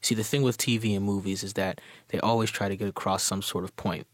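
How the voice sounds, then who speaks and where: A man's voice: fairly low pitch, fairly even intonation, fast, no room sound, studio quality. A man presenting a prepared, confident commentary for a media program and signing off. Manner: confident, with scripted sign-off.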